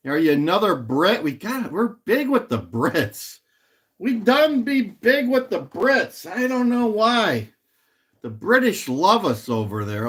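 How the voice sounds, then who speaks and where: A man's voice: fairly high pitch, fairly bright tone. A middle-aged man hosting a casual livestream at home, rambling, repeating himself and chatting with viewers as he reads their comments. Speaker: livestream host. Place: home in Illinois.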